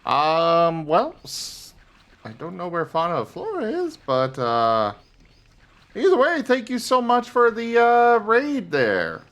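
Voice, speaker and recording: A man hosting a casual gameplay livestream, chatting and thanking viewers with frequent filler pauses. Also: sits high, wildly swooping pitch, fairly bright tone. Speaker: livestream host.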